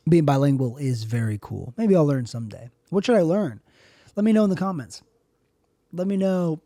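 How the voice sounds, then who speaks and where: A man's voice: on the high side, animated, normal speed, dark tone, dry recording, studio quality. A man hosting his own podcast, talking in a rambling, self-deprecating comic monologue full of digressions. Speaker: podcast host.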